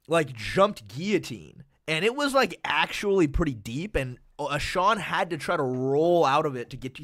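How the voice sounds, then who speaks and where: A man's voice: a little high, fairly bright tone. Rambling American streamer, a man. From USA. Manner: rambling, filler-heavy, swears freely. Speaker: livestream host. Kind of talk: casual chat.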